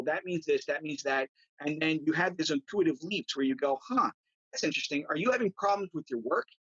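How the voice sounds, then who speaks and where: A man, a guest tarot reader, telling stories in a casual chat, animated and often adding "right?". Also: fairly high pitch, no room sound, muffled recording. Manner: animated, acts out quotes, says "right?" often.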